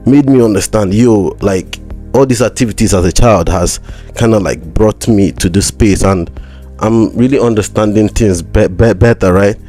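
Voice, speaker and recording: A man from Nigeria, a mental health practitioner chatting as a podcast guest. He talks haltingly and repeats words with a slight stammer. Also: lowish voice, mellow, faint music behind. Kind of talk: casual conversation.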